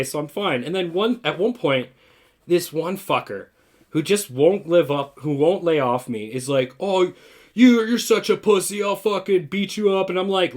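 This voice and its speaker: A man co-hosting a casual talk show, telling a story with lots of swearing and acted-out quotes. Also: a little high. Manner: profane, heavy swearing; lively anecdotal delivery with voiced-out quotes.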